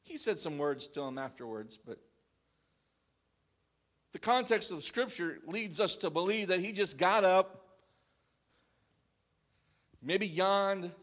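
Guy pastor preaching, high-ish voice, goes loud then real quiet, very dramatic. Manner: dramatic swings between loud and hushed. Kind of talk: sermon.

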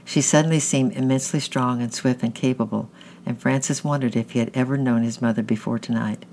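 A man's voice: medium pitch, fairly even intonation, a little fast, a little mellow, slight background noise. A man reading a children's novel aloud in a plain way, often slipping and restarting words. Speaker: audiobook reader.

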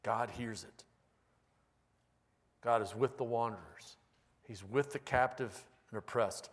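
A male pastor delivers a conversational sermon in a husky, medium-pitched voice, speaking slowly. His humor is wry and self-deprecating, and a large hall's long reverb surrounds him.

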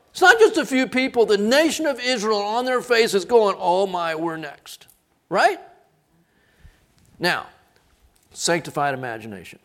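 A man preaching a sermon, telling the story with lively, joking energy and swinging from loud outbursts to quiet asides. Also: very high voice. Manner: animated storytelling, acts out voices, jokes. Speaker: pastor.

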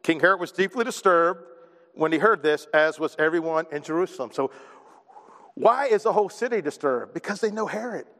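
A man's voice: a little high, animated, a little fast, a bit bright, long reverb tail. A man preaching a sermon, joking and poking fun at himself between points. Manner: joking, self-deprecating asides. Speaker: pastor.

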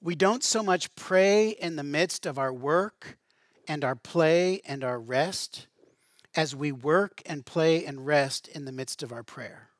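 A man's voice: fairly high pitch, slow, no echo, studio quality. A middle-aged man preaching a sermon as a pastor, conversational, with asides and light humor.

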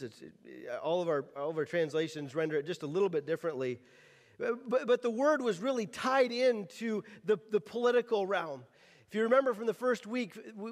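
High-voiced preacher man in a reverberant hall. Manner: drops the g at word ends; repeats words while finding his phrasing. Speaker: pastor. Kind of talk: sermon.

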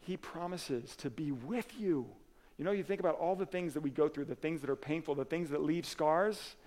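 A man's voice: a little high, moderate pace, slight background noise. A man preaching a sermon as pastor, earnest and conversational, with casual asides and restarts. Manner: earnest, swings from emphatic to soft and quiet.

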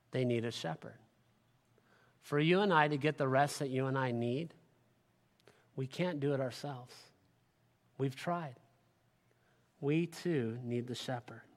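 Bright-voiced male pastor preaching in a hall. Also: a little high. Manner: dynamic preaching, swinging from loud to hushed. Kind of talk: sermon. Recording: live sermon in a reverberant hall.

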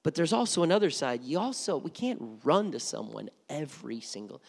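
A man's voice: fairly high pitch, big pitch swings, a little fast, creaky, few pauses. A middle-aged man preaching a sermon as pastor, conversational and often repeating words as he starts a thought. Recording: long reverb of a hall.

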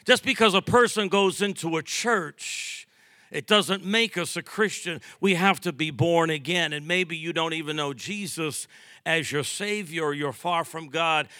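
A man's voice: a little high, unhurried, sharp tone, dry recording, studio quality. A man in his sixties from Massachusetts, a pastor preaching a sermon with emphatic rising bursts and joking asides.

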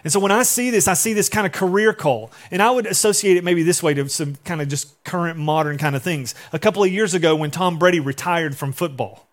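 Pastor guy in his 40s, fairly high voice, animated storytelling sermon. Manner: animated storytelling, acting out the people he quotes.

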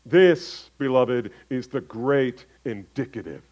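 A man preaching a sermon as pastor, swinging from loud emphatic calls to hushed low asides. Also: expressive, unhurried. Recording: dull lo-fi sermon recording.

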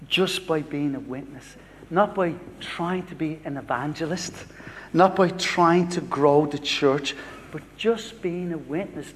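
Storytelling pastor in an echoey hall. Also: male voice, a little high, slight background noise. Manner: storytelling, reenacting dialogue. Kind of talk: sermon with a personal story.

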